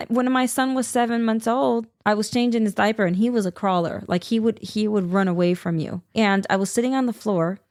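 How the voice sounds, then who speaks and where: A woman co-hosting a podcast, an animated storyteller who laughs often and squeals when quoting herself. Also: mid-range voice, a little fast, hardly any pauses, no room sound, studio quality. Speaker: podcast co-host. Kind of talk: casual chat, storytelling.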